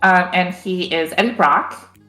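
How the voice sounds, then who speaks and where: A woman's voice: on the low side, measured pace, sharp tone. Giggly woman streamer chatting, echoey room, bit of music in the back. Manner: chatty, giggly, self-described nerd. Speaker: streamer host. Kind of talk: casual chat on a live stream. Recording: roomy echo with faint music.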